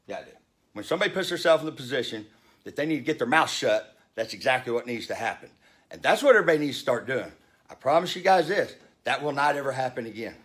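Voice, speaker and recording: A man's voice: mid-range voice, fairly bright tone. A man in his fifties telling a story in a heated rant, blunt and profane. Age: 50s. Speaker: vlogger.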